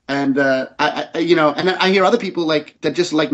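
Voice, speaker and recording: Rambling man guest, slightly high voice. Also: fairly quick, few pauses, lo-fi sound. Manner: rambling, enthusiastic storyteller. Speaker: comic book creator guest. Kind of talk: casual interview chat.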